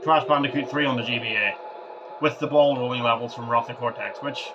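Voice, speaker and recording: A man's voice: mid-range voice, steady tone, fairly quick, background noise. Rambling man, muffled lo-fi recording. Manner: rambling, stumbles and repeats words. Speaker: gaming vlogger. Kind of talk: rambling casual commentary over gameplay.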